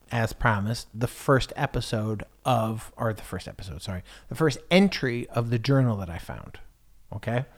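A man with a lowish voice hosts a podcast alone in a loose, rambling monologue. He hesitates constantly, restarts his sentences and swears offhandedly as he goes. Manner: hesitant, full of fillers and restarts, swears freely. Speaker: podcast host.

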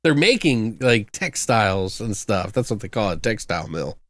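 A man's voice: fairly low pitch, very animated, normal speed, a bit bright, no echo. A young man co-hosting a casual movie review podcast, rambling and loose, swearing freely, with lots of fillers.

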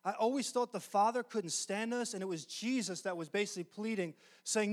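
High-voiced man preaching earnestly. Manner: earnest, emphatic, often slowing down on key phrases. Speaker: pastor. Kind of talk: sermon.

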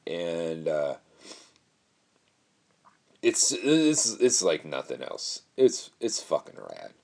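A man's voice: low-pitched, big pitch swings, extremely slow, gravelly, darkish tone. A young man hosting his own podcast, telling a story in a rambling, casual way, laughing often and swearing freely. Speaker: podcast host.

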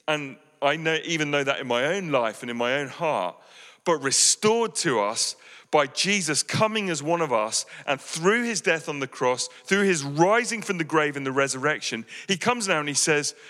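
A male pastor preaches with an earnest, pleading warmth, restarting phrases and leaning on "you know". His voice is bright and forceful, a little higher than most men's. The sound carries a long reverb from a hall. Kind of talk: sermon.

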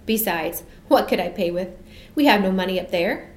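A woman's voice: medium pitch, expressive, normal speed, a little mellow, echoey room, lightly acted. A woman voicing a delighted, wide-eyed young woman from the sky, breathless and eager as she speaks. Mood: cheerful.

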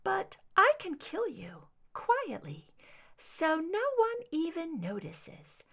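A cold, lethal female bodyguard , as a woman reader puts her on, pitched high above the narration. She murmurs her threats softly, close to a whisper, in an audiobook of fan fiction. Her delivery swoops and lifts. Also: huge pitch swings, slow pace, gravelly, full character voice. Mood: menacing. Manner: soft threatening near-whisper.

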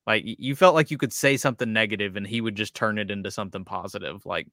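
Bright-voiced young man, musing. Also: lowish voice, quick pace, no room sound, studio quality. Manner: hesitant restarts, reflective. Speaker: podcast co-host. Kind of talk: casual chat.

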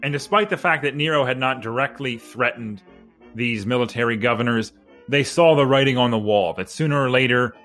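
A man co-hosting a casual history podcast, relaxed and mid-pitched. He rambles through the story with jokes and asides. A little music sits faintly behind him. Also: fairly quick. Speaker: podcast co-host.

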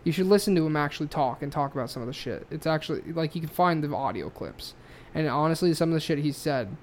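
A man's voice: a little high, fast, slight background noise. A man co-hosting a casual podcast, swearing freely and telling a story with rising feeling. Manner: profane, animated storytelling. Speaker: podcast co-host.

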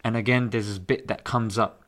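A man hosting a casual discussion who talks in an animated, emphatic way and often says "bro". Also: fairly low pitch, fairly quick.

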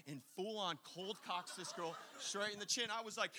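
A man preaching a sermon, telling a story with lively acted-out quotes and asides. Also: high-pitched, a little fast, few pauses, in a large hall, slight background noise. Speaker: pastor.

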